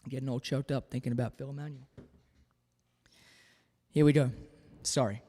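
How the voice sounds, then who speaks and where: An Australian man with a mid-range voice and a slight Southern US drawl in his accent hosts a live guitar show from home, speaking at normal speed in what sounds like a large hall. Relaxed and chatty, he reads out viewer comments in casual livestream talk between songs.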